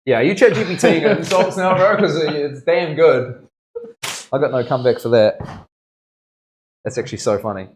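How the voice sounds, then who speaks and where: Working in his studio during a live stream, this tattoo artist talks in a fairly high, expressive voice at a normal speed, leaving long pauses. He jokes around casually and half-mumbles while concentrating on the tattoo.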